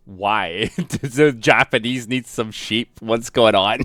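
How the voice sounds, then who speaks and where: A Scottish man from Scotland in casual chat, animated and self-mocking, swearing freely. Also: lowish voice, slow pace, no room sound.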